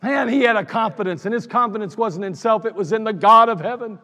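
A man's voice: high-pitched, brisk, pushed and bright. A man preaching a sermon as pastor, telling the story with animation and acting out the quoted lines. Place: church sanctuary. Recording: echoey church hall with long reverb.

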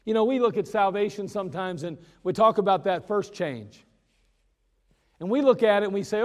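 A man preaching a sermon in a folksy, joking way, slowing down for emphasis. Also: sits high, lively intonation, a little mellow, long reverb tail. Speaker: pastor.

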